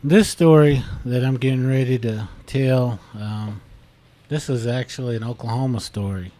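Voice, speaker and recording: A man's voice: mid-range voice, warm tone. A man co-hosting a podcast, telling a story casually and leaning on "you know". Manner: slow, repeats "you know" often. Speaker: podcast co-host.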